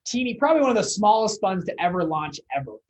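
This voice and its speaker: A young man with a fairly high voice tells his story as a podcast guest, animated and loose, full of fillers and quick laughs. His pitch jumps around a lot as he acts out the people in his story. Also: low-quality recording. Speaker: fund founder, podcast guest. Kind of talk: casual storytelling interview.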